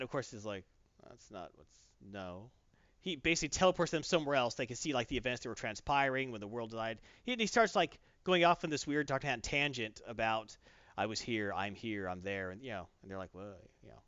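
A man in casual chat, animatedly retelling a comic plot and slipping into quick character voices. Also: medium pitch, animated, fairly bright tone, no room sound, muffled recording.

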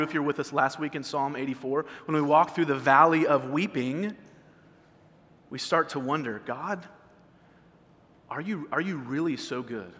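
A man's voice: a little high, a bit bright, in a large hall. A male pastor preaching a sermon in a conversational way, often repeating words as he restarts a phrase. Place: church sanctuary.

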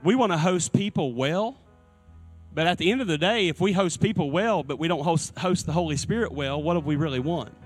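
A male pastor preaching a sermon in a church, earnest and repeating his key phrases, with soft instrumental music behind him. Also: on the high side, a little fast. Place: church sanctuary.

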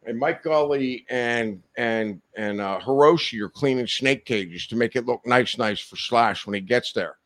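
A man's voice: medium pitch, measured pace, few pauses, fairly bright tone. A man telling a long, rambling anecdote as a guest in a podcast studio, swearing freely and breaking into laughter as he goes. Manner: swears often, rambling, laughs mid-story. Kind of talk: profane anecdotal storytelling.

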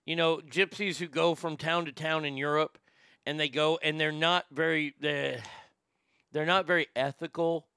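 A man's voice: fairly high pitch, steady tone, normal speed, pushed and bright, clear, resonant tone, dry recording. A man co-hosting a podcast, rambling through news stories in crude, profane, casual commentary. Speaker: podcast co-host.

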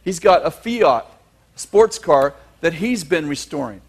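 A male preacher telling a long, humorous story in a sermon, animated and chuckling, with emphatic asides. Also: on the high side, measured pace, breathy edge.

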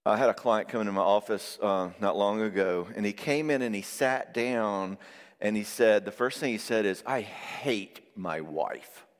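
A man preaching a sermon on marriage, lively and conversational, acting out quoted voices now and then. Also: on the low side, moderate pace, clean tone. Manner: animated, acts out quoted voices. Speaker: pastor and therapist. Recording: long reverb of a hall.

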